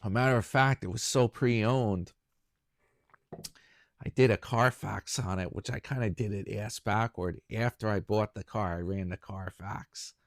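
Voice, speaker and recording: A man's voice: on the low side, a little slow, no echo, clean studio sound. A man hosting a casual solo chat for his viewers, rambling and chatty and joking at his own expense. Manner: rambling, chatty, self-mocking. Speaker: YouTube commentary host.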